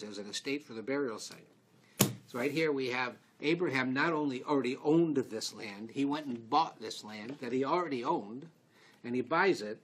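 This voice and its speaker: In a synagogue, a Canadian-accented rabbi teaches Torah in a casual, lively way, weaving in stories and performing bits of dialogue. He speaks in a mid-range voice over slight background noise.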